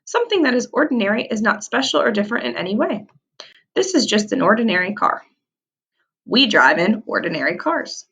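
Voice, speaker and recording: Female teacher, kids' vocabulary lesson, animated delivery with lots of pitch movement, drawn-out key words. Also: slightly rough. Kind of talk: vocabulary lesson for young children.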